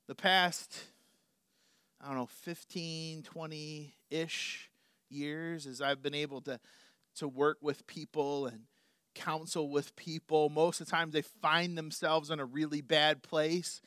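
A middle-aged male pastor preaching a sermon, animated, swinging between loud emphasis and quiet asides. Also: a little high, slow pace, smooth, no echo, clean studio sound.

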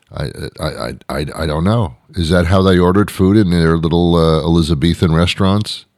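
A man's voice: low voice, a little fast, hardly any pauses, darkish tone, no echo, clean studio sound. A man hosting his own comedy show with a rambling, sarcastic, self-mocking monologue. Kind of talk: comic monologue.

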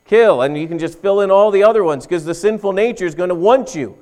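A middle-aged male pastor delivering a sermon with a clean, resonant voice pitched a little high. He tells a story at an easy pace, then presses his points with emphatic calls. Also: fast talker, a little mellow. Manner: storytelling, rising to emphatic calls to get ready.

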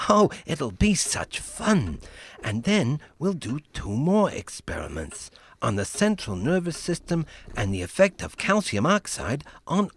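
An actor playing a mafia godfather in a radio comedy sketch, swinging from sweet cheer to quiet menace. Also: on the high side. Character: male mafia don godfather, genteel and menacing.

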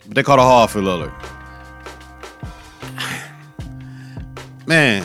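A man's voice: medium pitch, expressive, unhurried, pauses often, pushed and bright, faint music behind. Profane, slangy man talking sports. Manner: loose, profane, slangy, conversational. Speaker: podcast host. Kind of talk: casual sports talk.

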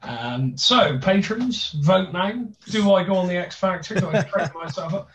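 A man's voice: high voice, animated, unhurried, slight background noise. A young man with a thick Bristolian accent, chatting casually as a podcast host, rambling with many restarts and fillers. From Bristol, England. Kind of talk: casual chat. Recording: roomy, distant, dull sound.

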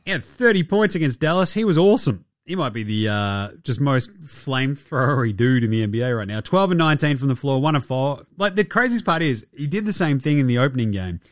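A man's voice: medium pitch, very animated, a little fast, hardly any pauses, dry recording, clean studio sound. A young Australian man hosting a casual sports podcast, joking and swearing through his talk. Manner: irreverent, sweary, jokey banter. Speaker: podcast host.

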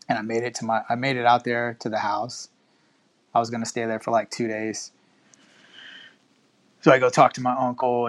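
A man in his thirties from Texas tells a long road-trip story in casual, profanity-laden chat. His delivery is loose and rambling, with sudden jumps into quoted voices, and his pitch sits in an ordinary middle range.

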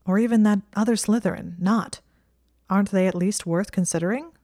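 Brief: steady supportive young man wizard, woman narrator's own voice, storybook. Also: medium pitch, brisk, no room sound, studio quality, pitched above the performer's own voice, lightly acted. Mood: earnest.

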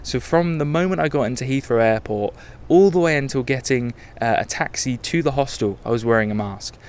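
A man's voice: mid-range voice, brisk, smooth. A young man hosting a podcast, talking candidly in a rambling, self-correcting monologue. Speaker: podcast host. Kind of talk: casual travel podcast monologue.

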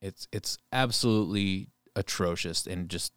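A man's voice: low voice, normal speed, fairly bright tone, clear, resonant tone, dry recording. A man on a podcast, ranting heatedly and swearing as he talks politics. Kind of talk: casual political podcast chat.

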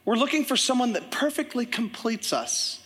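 A young man preaching in a church service, his voice strikingly high and bright. He tells funny stories with lively, animated delivery before the congregation. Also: normal speed, breathy edge. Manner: animated, joking storytelling. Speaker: pastor. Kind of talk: sermon.

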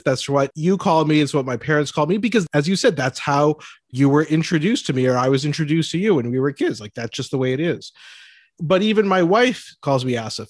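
Podcast cohost guy, calm and explainy, slightly high voice, dry room. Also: no room sound. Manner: measured, explains points by citing research. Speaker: podcast co-host. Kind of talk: casual podcast chat.

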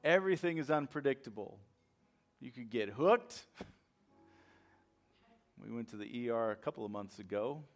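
A man preaching a sermon in a lively, conversational way, acting out little asides as he goes. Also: mid-range voice, normal speed, pauses often, faint music behind. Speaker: chaplain and preacher.

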